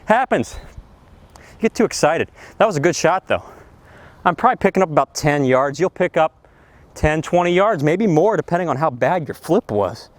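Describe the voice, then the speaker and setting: A middle-aged man giving an excitable golf lesson on an outdoor range, exclaiming over his shots. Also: a little high, moderate pace, no echo. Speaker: golf instructor.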